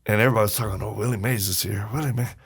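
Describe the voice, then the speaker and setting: A man who is a podcast guest, telling personal stories in a casual, animated way and acting out the voices of the people he quotes. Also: on the low side, racing, breathy edge. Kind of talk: casual storytelling.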